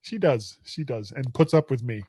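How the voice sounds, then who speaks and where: A man's voice: mid-range voice, expressive, moderate pace, mellow, no echo. Podcast host, middle-aged man, jokey and giggly, trips over words, dry booth sound. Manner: joking, laughs often, stumbling restarts. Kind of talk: casual chat.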